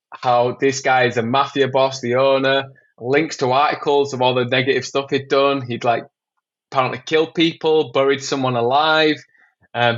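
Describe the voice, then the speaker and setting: A man from England tells stories as a podcast guest in a casual, animated way, peppered with swearing and "man". His voice sits in a middle range, and the audio is slightly muffled. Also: mid-range voice. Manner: animated storyteller, swears a lot, says "man". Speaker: podcast guest, documentary filmmaker. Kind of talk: casual storytelling.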